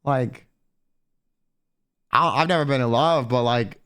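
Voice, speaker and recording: A young man, a streamer, telling a profane, animated story in casual chat and quoting people in put-on voices. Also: medium pitch, slow, pauses often, clear, resonant tone.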